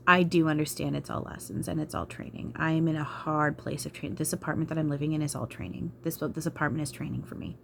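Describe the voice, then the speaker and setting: Low-voiced frustrated woman vlogging. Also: steady tone, fast talker, vocal fry, hardly any pauses, a bit bright, slight background noise. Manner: frustrated, sighing, swearing. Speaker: spiritual channeler. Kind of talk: emotional vlog talk.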